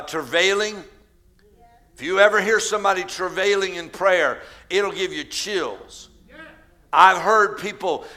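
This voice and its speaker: A man preaching a Mother's Day sermon with an American accent, swinging from shouted cries to hushed storytelling. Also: high voice. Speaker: pastor.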